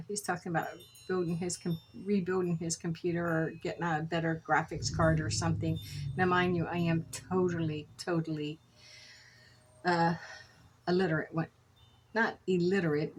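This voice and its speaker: A woman's voice: on the low side, steady tone, normal speed, slight background noise, rough recording. A middle-aged woman chatting casually while making beaded jewelry, telling rambling stories with self-corrections. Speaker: jewelry crafter. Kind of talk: casual crafting vlog chat.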